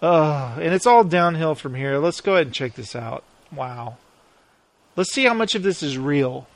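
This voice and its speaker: A man with a fairly high voice riffs sarcastically through a casual chat. He mocks what he watches and keeps the conversation loose. The sound is close and dry, with no room around it. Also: animated, normal speed, dry recording. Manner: sarcastic, mocking, acts out quoted characters in put-on voices. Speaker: podcast co-host. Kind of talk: casual chat reacting to a reality show clip.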